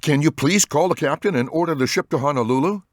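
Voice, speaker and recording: A man's voice: on the high side, quick pace, no echo, studio quality, pitched above the performer's own voice, natural voice. A man voicing a shaken young male ocean researcher in an audiobook, asking urgent, pleading questions. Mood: anxious. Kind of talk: audiobook character voice.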